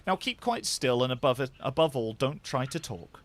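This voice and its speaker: A man voicing a kindly, polite gentleman motorist, genteel and a little fussy, in a storybook reading. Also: medium pitch, lively intonation, moderate pace, lightly acted.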